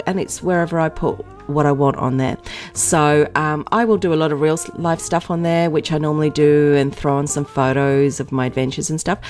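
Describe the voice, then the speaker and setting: A woman hosting her own vlog, chatting casually to camera in a rambling way, with lots of fillers and giggles. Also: deep voice. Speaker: vlog host.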